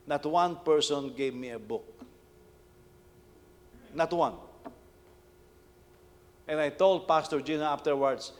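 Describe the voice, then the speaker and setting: A man's voice: medium pitch, moderate pace, pauses often. An older man, a senior pastor, giving a sermon in a conversational, storytelling way, often restarting his sentences. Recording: long hall reverb.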